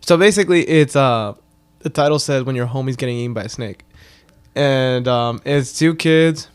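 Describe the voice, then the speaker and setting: A man's voice: mid-range voice, moderate pace, clean tone, soft background music. A young man co-hosting a podcast, retelling a viral video with lots of laughter in a casual chat. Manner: laughs often, animated storytelling. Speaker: podcast co-host.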